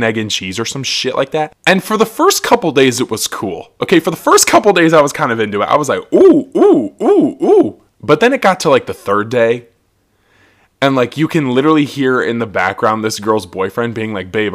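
A man's voice: mid-range voice, a bit bright. A man hosting a solo podcast, ranting casually while tipsy and laughing often. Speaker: podcast host.

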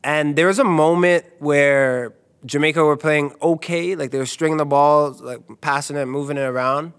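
A young man from Canada co-hosting a casual soccer talk show, telling stories with lively quoted voices. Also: a little high, moderate pace, smooth. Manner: animated storyteller, jumps into quoted voices. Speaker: co-host and soccer analyst. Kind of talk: casual sports chat.

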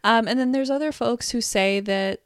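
A woman in her thirties, a podcast co-host, talking in a reflective, hesitant way with many pauses and ums. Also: a little high, clean tone, no echo, clean studio sound. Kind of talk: casual chat.

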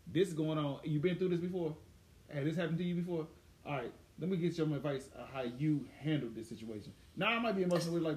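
Young man, quick and crude, heartfelt group chat in a roomy space. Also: fairly high pitch, darkish tone. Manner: fast, profane, earnest. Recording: roomy echo.

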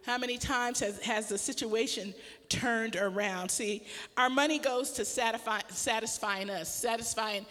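A woman's voice: fairly high pitch, moderate pace, long reverb tail. A middle-aged woman pastor tells a personal story in a casual sermon, laughing often as she talks. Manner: animated storytelling with frequent laughter.

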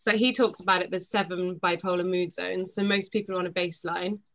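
A young woman talks in a lively, quick rush, slipping into little acted-out quotes as she explains. Her voice sits a bit low for a woman. The recording sounds dull and lo-fi. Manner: rapid, animated storytelling with acted-out quotes. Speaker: guest. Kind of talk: podcast conversation.

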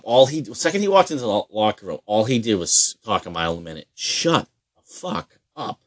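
A man's voice: lowish voice, no echo, clean studio sound. A young man telling a rambling, profane story in casual chat, mocking people along the way. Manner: swears constantly, mocks people with put-on voices. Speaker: amateur hockey goalie telling a story.

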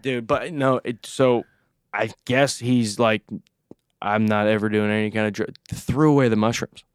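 A man's voice: lowish voice, steady tone, moderate pace, clear, resonant tone, dry recording, clean studio sound. A man hosting a podcast, telling a story in loose, casual chat full of "like" and "dude" and plenty of swearing. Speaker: podcast host.

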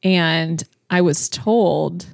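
A woman co-hosting a podcast in casual chat, high and giggly, swearing and rambling as she talks. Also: very slow, gravelly, dry recording. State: high on marijuana. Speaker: podcast co-host.

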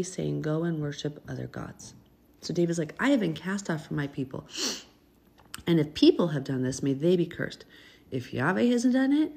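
A woman's voice: sits low, creaky, mellow, slightly rough. A woman reading a Bible passage aloud and stopping often to explain it in an earnest, chatty way. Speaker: Bible teacher.

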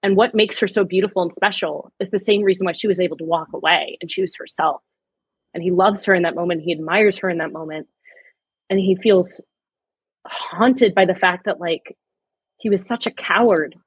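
A woman's voice: fairly low pitch, moderate pace, breathy edge, no echo, low-quality recording. A woman co-hosting a podcast, retelling film scenes with emotional enthusiasm in casual chat. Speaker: podcast co-host.

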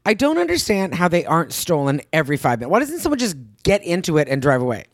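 A woman in casual podcast chat, telling animated stories in a rapid, heated way and swearing freely. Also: low voice, no echo, clean studio sound. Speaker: podcast co-host.

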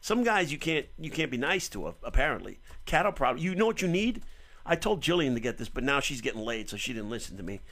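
A man's voice: medium pitch, sing-song, fast, a bit bright. A male radio host giving crude, profane comedic advice to a caller in a brash, riffing manner.

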